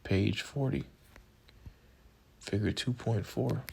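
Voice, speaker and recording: Male textbook audiobook narrator, measured delivery, heavy vocal fry, husky tone. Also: fairly low pitch, mellow, low-quality recording. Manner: slow, measured reading of list items.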